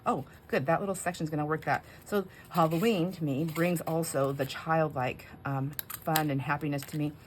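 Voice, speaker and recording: A woman with a low, deep voice chats loosely through her crafting, trailing off into fillers as she works. Faint background noise sits under her voice in a home craft room. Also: steady tone, moderate pace, hardly any pauses. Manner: rambling, chatty, with many fillers. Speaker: craft channel host. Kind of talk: casual craft chat.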